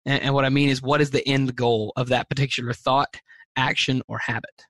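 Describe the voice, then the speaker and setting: A man's voice: medium pitch, flat delivery, a little fast, fairly bright tone, dry recording. A man being interviewed as a teacher and speaker, answering earnestly and thoughtfully, with frequent fillers and restarts.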